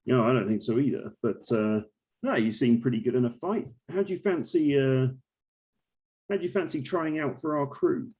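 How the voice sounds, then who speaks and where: A man playing a tabletop game, talking in character, relaxed and teasing. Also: mid-range voice, moderate pace, slightly rough. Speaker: player.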